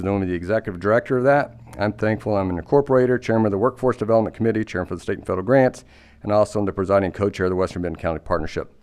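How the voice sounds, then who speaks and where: Brisk, smooth-voiced man giving a report. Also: fairly low pitch. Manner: brisk, upbeat booster of the town. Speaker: city board member giving a report. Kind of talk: official update at a city meeting. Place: city council chamber.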